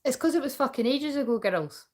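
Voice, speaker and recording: A woman's voice: high-pitched, expressive, a little fast. Woman, tarot reader, casual livestream chat, swears a lot, talks to the chat. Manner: casual, chatty, swears freely; talks to viewers and chat while reading cards.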